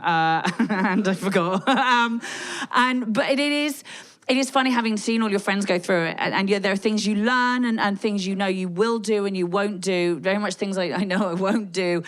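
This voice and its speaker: A woman in her thirties with a London accent, doing a brash, profane stand-up set on stage with quick asides. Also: mid-range voice. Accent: London English. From England. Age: 30s. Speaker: stand-up comedian. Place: theatre stage before a live audience. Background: audience laughter.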